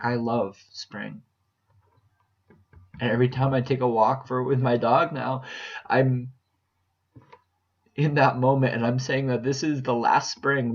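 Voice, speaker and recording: Slow, earnest man on a dull recording. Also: mid-range voice. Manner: earnest, halting, repeats phrases as he searches for words. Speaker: vlogger sharing a personal update. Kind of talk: reflective personal monologue.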